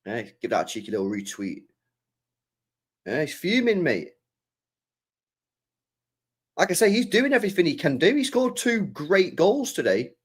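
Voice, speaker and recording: A man's voice: fairly high pitch, very animated, normal speed, pauses often, slightly rough. A young man talking casually on a live stream as a football fan, passionate, swearing and repeating his points.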